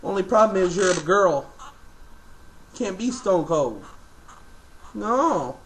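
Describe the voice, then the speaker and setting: A man's voice: sits high, animated, takes it slowly. A man filming a casual home video, chatting to his pet birds in a sing-song baby-talk voice.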